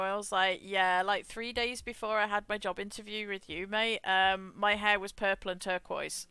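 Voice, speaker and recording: A woman chats casually while she streams a game, rambling from one story to the next and laughing often. Her voice is bright and crisp, recorded close and dry with no room sound. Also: medium pitch, steady tone, moderate pace, hardly any pauses, no room sound. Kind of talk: casual chat while gaming.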